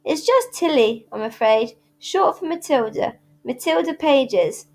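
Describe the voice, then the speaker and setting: An earnest, bookish young girl in a storybook, read by a woman. She speaks thoughtfully and a little awkwardly, in a fairly high voice. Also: animated, measured pace, a little mellow, heavily acted. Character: thoughtful, earnest girl who loves books.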